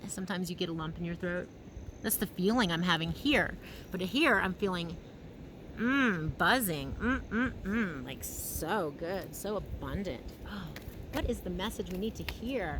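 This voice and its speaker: A woman giving an intuitive tarot reading outdoors, talking slowly and dreamily and humming between thoughts. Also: medium pitch, noisy background. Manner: slow, dreamy and emotional, humming often. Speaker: tarot reader. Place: field outdoors in the mountains.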